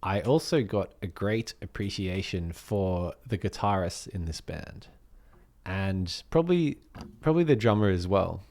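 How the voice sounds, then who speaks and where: A man with an Australian accent chats casually about music, his voice sitting a little low. He meanders as he thinks aloud, filling gaps with ums. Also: expressive, measured pace, darkish tone. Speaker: podcast co-host.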